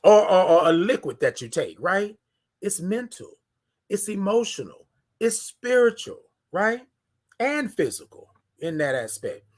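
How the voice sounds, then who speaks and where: A man with a notably high voice hosts a morning live stream. He talks with heartfelt, preacher-like emotion, often asking "right?" as he reads comments from viewers. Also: sing-song, a little slow. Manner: emotional, preacher-like cadence with many "right?" asides. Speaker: host of a morning live show.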